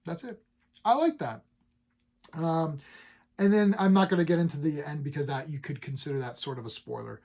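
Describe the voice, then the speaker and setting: A man's voice: fairly high pitch, steady tone, fairly quick, gravelly, a little mellow. A man casually talking through comic books he has read, upbeat and rambling, full of fillers and restarts. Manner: enthusiastic, paraphrases characters loosely. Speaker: comic book reviewer. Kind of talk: casual comic review chat.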